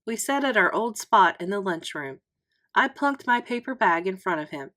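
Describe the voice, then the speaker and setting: A woman reading a children's chapter book aloud in an expressive, unhurried storytelling manner. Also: medium pitch.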